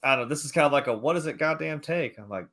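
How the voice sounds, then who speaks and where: A man co-hosting a podcast, rambling through his thoughts and swearing freely. He keeps quoting his own reactions as he goes. His voice is bright and lively. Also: fairly high pitch, very fast, no echo. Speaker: podcast co-host. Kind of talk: casual chat.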